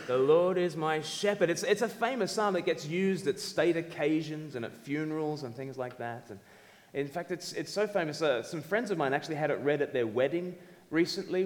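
Man preaching in a reverberant hall. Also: a little high. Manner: animated, conversational, audience-engaging. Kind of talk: sermon.

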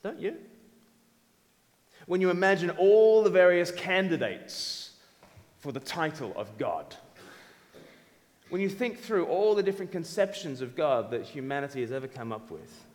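Man preaching in a reverberant hall. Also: on the high side. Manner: animated, conversational, audience-engaging. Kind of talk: sermon.

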